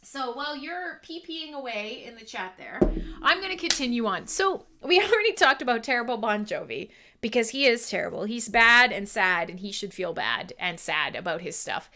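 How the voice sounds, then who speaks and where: A young woman hosting a live music stream in a loose, giggly, self-mocking way. Her voice sits a little high and swoops up and down with lively energy as she chats with the audience. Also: moderate pace, a little hiss or hum. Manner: giggly, playful, self-deprecating, chatty with viewers. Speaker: livestream radio host. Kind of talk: casual livestream chat.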